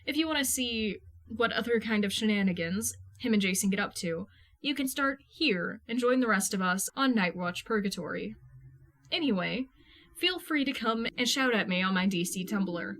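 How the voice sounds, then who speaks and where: A woman reading fan fiction aloud in a casual, lively manner, swearing freely. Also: mid-range voice, moderate pace. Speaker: podfic reader. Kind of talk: fan fiction audiobook narration.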